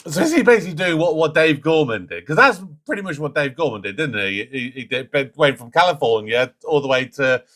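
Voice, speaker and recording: A man's voice: on the high side, lively intonation, fairly quick, few pauses. A British man hosting a reaction video, chatting casually and restarting his sentences. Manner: chatty, restarting sentences, bursts into loud mock whooping. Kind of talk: casual commentary.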